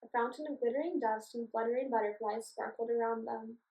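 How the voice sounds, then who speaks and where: A woman reading a children's storybook aloud in a clear, expressive way. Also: a little high, a little fast. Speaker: storybook reader. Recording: echoey room, voice from a distance.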